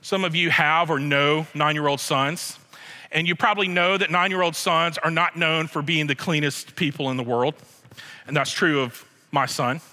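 A man preaching a sermon as pastor, emphatic, slowing down and repeating his key phrases. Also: a little high, steady tone, bright, forceful tone. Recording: long hall reverb.

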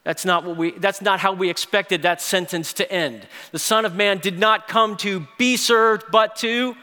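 Male pastor, bright and high-pitched, dynamic sermon delivery, long hall echo. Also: normal speed. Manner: dynamic preaching, swings from loud emphasis to hushed tones. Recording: echoey hall reverb.

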